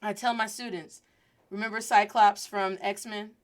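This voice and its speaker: A woman in her thirties hosting a casual podcast lesson, chatty and lively, switching into Spanish phrases as she teaches. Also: medium pitch, measured pace.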